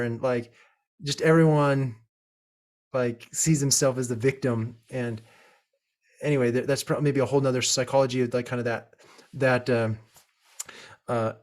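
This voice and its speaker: A man hosting a casual interview, rambling with restarts and digressions. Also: medium pitch. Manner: rambling, restarts, drifts off topic. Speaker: podcast host.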